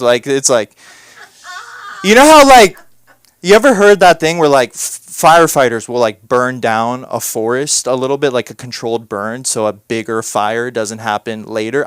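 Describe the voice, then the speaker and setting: A man's voice: medium pitch, smooth, no echo. A man performing a rambling, self-deprecating stand-up set on a comedy club stage, with lots of fillers.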